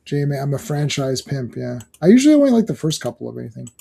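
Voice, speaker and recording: A man's voice: mid-range voice, very animated, fast, gravelly, warm tone, husky. A man hosting a casual comic book chat, rambling with frequent laughs and hummed theme tunes. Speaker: podcast host.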